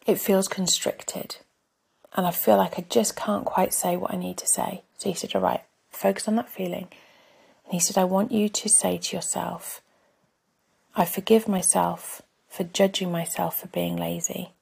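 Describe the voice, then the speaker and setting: Husky woman sharing a reflective monologue. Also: lowish voice, darkish tone. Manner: candid, thoughtful, often drops to a near-whisper. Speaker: podcast host.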